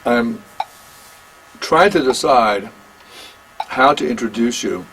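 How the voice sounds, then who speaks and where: Older male drum teacher, halting and chatty, counts beats aloud; slow delivery, audible background hiss. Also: medium pitch, animated, fairly bright tone, low-quality recording. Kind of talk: one-on-one drum lesson.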